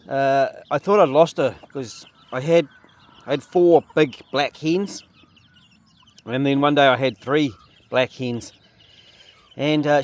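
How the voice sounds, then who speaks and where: A New Zealand man who farms sheep, chatting casually outdoors in a paddock, explaining things and talking to his animals. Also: fairly high pitch. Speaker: sheep farmer and video host. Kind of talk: casual outdoor farm vlog.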